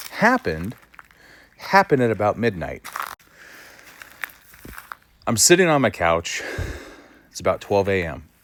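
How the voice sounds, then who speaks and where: A man vlogging to the camera, telling a story in a blunt, casual way and swearing freely. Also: deep voice.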